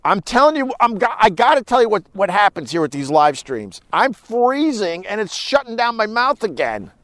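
A middle-aged podcast host rambles through a casual live-stream monologue full of wry, profane storytelling. His high voice is very animated and fairly bright, at normal speed. The room is cold with dry sound, and the recording is clean and studio-like with no echo.

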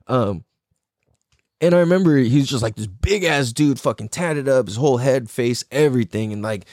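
A man tells loose, profane anecdotes and breaks into laughter as he goes. His pitch swings widely when he acts out what other people said. The sound is dry and close. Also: expressive, normal speed, a little mellow, no room sound. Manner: mimics voices in quotes. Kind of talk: casual storytelling.

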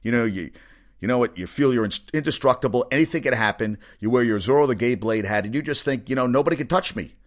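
A man's voice: medium pitch, fast. A middle-aged man hosting a sports podcast, rambling and swearing as he rants in casual talk. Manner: rambling, profane, riled-up ranting.

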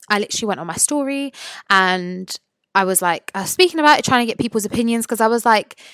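A young woman with a mid-range voice tells the story of a rude client in casual chat, animated and indignant as she quotes each message. The sound is dry and close, with no room around her. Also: mid-range voice, no echo. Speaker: lash technician and podcast host.

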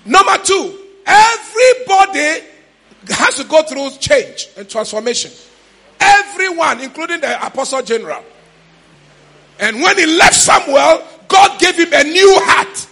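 A man with a Ghanaian accent preaching a sermon in church, shouting in a sing-song way with sudden high cries. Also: expressive, unhurried, vocal fry. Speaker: pastor.

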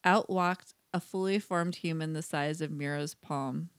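Low-voiced woman reading a story. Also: steady tone, a little slow, no room sound, studio quality. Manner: laughs often, reads narration evenly. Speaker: podcast co-host reading listener stories. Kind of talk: casual chat and story reading.

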